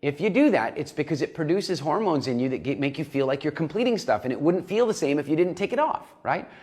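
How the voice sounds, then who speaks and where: A man's voice: a little high, big pitch swings, fast talker, a little mellow. A man coaching a nutrition program in a recorded lesson, talking animatedly and acting out little inner voices.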